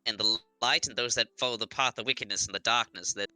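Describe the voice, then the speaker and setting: A man's voice: on the low side, fairly even intonation, quick pace, bright, forceful tone, no echo. A man playing a tabletop game in character, rambling and stumbling over his words. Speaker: player. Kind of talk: casual tabletop play.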